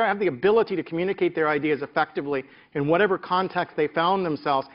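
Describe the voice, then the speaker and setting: Storytelling middle-aged professor, preacher-like cadence. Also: male voice, on the high side, muffled recording. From American South. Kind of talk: reflective interview talk.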